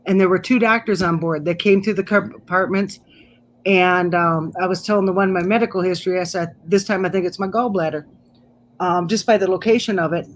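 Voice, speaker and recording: Woman, middle-aged, casual storytelling, animated, laughing, faint background noise. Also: medium pitch, moderate pace. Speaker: guest storyteller. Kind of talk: casual storytelling on a live stream.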